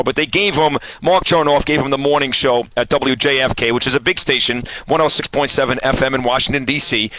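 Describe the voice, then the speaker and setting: A man's voice: mid-range voice, sharp tone, slight background noise, low-quality recording. A man, in his forties, hosting casual radio talk and ranting with lots of swearing. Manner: fired-up, ranting, swears a lot. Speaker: radio host.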